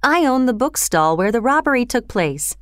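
A woman's voice: on the high side, sing-song, moderate pace, a bit bright, clear, resonant tone, dry recording, clean studio sound. A woman voicing an earnest, honest male bookseller who speaks emphatically and insistently in a storybook reading.

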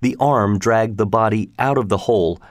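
A man reading a science fiction story aloud in a lively, conversational storytelling manner. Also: lowish voice, normal speed, dry recording, clean studio sound.

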